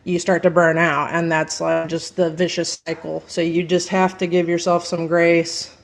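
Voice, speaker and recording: A woman's voice: fairly low pitch, level tone, moderate pace, gravelly. A woman, a metal singer and podcast guest, talking candidly and casually, swearing freely. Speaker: metal band vocalist, guest. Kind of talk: casual interview chat.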